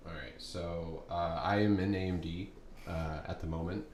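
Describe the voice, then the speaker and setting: Deep-voiced man talking trades. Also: fairly even intonation, moderate pace, a little mellow. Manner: loose and filler-heavy, restarts often. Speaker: stock trading streamer. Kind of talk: casual trading talk. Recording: echoey room, faint background noise.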